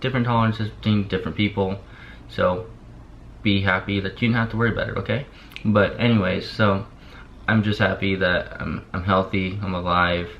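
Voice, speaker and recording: A man's voice: low-pitched, steady tone, normal speed. A young man vlogging casually, drowsy on pain medicine and barely opening his mouth, rambling with lots of "like" and repeats. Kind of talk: casual chat to camera. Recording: dull lo-fi sound with faint hiss.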